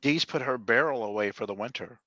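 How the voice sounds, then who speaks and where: A man's voice: mid-range voice, a little fast, bright, forceful tone, no echo, lo-fi sound. A man with a Southern US accent, co-hosting a live sale and calling out bids in short, matter-of-fact updates.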